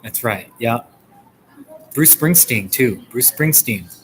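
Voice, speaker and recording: Streamer, male, New Jersey accent, chatty and joking, mid-pitched, faint coffee-shop ambience. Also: expressive, takes it slowly, noisy background. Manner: chatty, joking, reads viewer comments. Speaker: live streamer. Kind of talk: casual live-stream chat.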